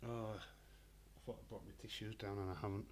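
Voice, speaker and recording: A man with a hoarse voice, hosting a casual live stream from home and talking in a blunt, rambling way. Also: on the low side, flat delivery, brisk, a little hiss or hum. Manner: blunt, rambling, profane, reads chat aloud.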